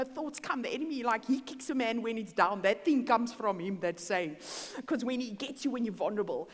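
A middle-aged woman, preaching and telling a personal story in a church. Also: a little high. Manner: animated storytelling, acting out dialogue. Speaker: guest speaker. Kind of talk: sermon with personal testimony. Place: church hall. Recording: long hall reverb.

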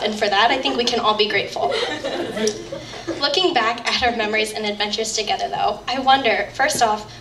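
A young woman with a fairly high voice gives a chatty, giggling wedding toast, emotional beneath the jokes. She sounds distant in an echoey reception hall with faint noise behind her. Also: a bit bright. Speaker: bridesmaid giving a toast.

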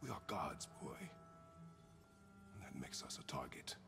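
An actor voicing a grim, terse warrior god and father, giving clipped commands in a deep gravelly voice over a game score. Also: wildly swooping pitch, slow pace, music in the background, full character voice. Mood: lecturing.

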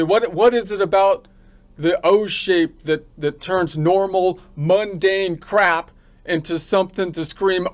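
A man practicing a stand-up joke alone, rambling through it with a mock-serious, deadpan delivery and many restarts. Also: high voice. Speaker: accounting instructor practicing a joke.

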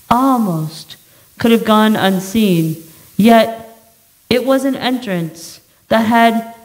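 Slow, measured woman preaching. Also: on the high side, poor audio. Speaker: pastor. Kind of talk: sermon. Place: church sanctuary.

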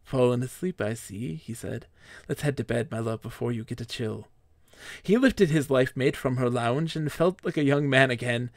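Close-miked at his desk with no room sound, this male streamer has a mid-range voice with some gravel in it. He delivers a reading in a showy, mock-grandiose style, then eases into relaxed conversation.

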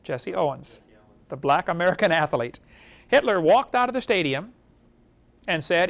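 A man lecturing to a live audience at a creation seminar, animated and throwing rhetorical questions at the room. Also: high-pitched, moderate pace, vocal fry, long pauses.

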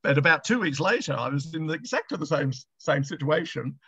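A man's voice: fairly high pitch, a little fast, pushed and bright, breathy edge, dry recording. A middle-aged Australian man, a guest author telling anecdotes over a video chat, chatty and laughing with frequent restarts. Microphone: video call. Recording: dull lo-fi video call.

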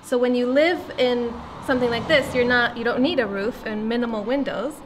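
Excited chatty woman travel vlogger. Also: fairly high pitch, brisk, noisy background. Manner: excited, chatty, explains as she goes. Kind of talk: casual travel vlog chat.

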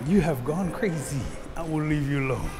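A man voicing a big, bullying male bear who talks slowly and bluntly. The recording has long reverb. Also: on the high side, a little mellow, natural voice. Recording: long reverb, faint noise.

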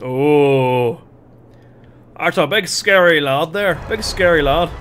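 A man doing casual gameplay commentary on a livestream, excitable, swearing freely and shouting at the game. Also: fairly high pitch, slow, a little hiss or hum.

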